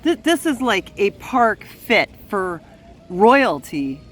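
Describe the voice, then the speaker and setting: A Canadian woman vlogs her walk through an outdoor city park on a handheld phone, gushing and exclaiming as a travel vlogger in casual style. She speaks slowly in a sing-song, mid-range voice over soft background music and park noise, and the recording is rough.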